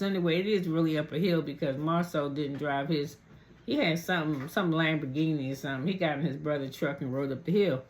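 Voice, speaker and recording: A woman vlogger casually recapping a reality TV episode, rambling and cursing freely with colloquial grammar, and jumping her pitch when she acts out quotes. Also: fairly quick.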